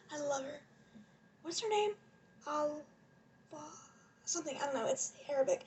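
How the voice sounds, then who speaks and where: A young woman rambling excitedly in a casual vlog rant, gushing and laughing often, recorded on a propped-up phone. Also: high-pitched, slight background noise. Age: young adult. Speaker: vlogger. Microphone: phone propped on a lotion bottle.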